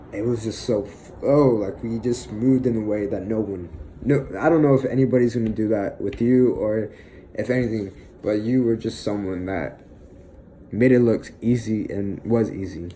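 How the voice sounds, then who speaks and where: A young man in an emotional personal monologue, halting and filled with pauses, sighs and fillers, sounding close to tears. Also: on the low side, warm tone, a little hiss or hum, poor audio. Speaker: vlogger.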